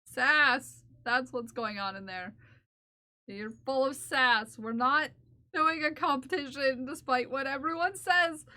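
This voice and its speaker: A woman with a high, bright voice chats unhurriedly on a live stream while she knits. She is playful and laughs often, teasing her viewers and scolding her cat. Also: slow. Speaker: knitting streamer. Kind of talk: casual live-stream chat.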